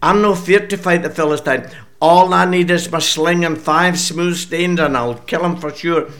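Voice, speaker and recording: A plucky young shepherd boy, put on by an older Scottish man with a raised, bright voice. He talks in broad Scots, full of cocky confidence. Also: fairly high pitch, fairly even intonation, normal speed, voice pushed up. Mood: defiant. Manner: cheeky, confident, broad dialect.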